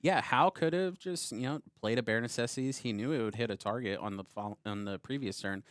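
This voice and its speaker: An analytical man co-casts a card game match, explaining plays and recalling earlier finals with dry humor. His voice sits in an ordinary middle pitch. The recording is close and without room echo. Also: fairly quick. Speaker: tournament commentator. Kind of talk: live card game commentary.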